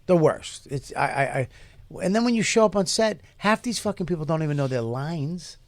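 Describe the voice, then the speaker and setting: Higher-voiced man, blunt profane rants. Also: animated, brisk, dry recording. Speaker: podcast co-host. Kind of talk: casual comedic chat.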